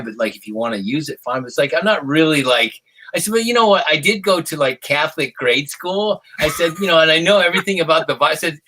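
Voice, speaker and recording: A man who was a contestant, telling an animated, excitable story on a video call from home, acting out quotes and swearing freely, with a husky voice. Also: on the high side. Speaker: former contestant guest.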